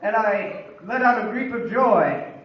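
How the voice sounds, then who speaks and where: High-pitched guy doing a funny story bit, wry and fed up, super echoey big room, far mic. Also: expressive, a little slow, a little hiss or hum. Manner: wry, building comic exasperation. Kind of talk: humorous storytelling monologue. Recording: very echoey, distant, dull room recording.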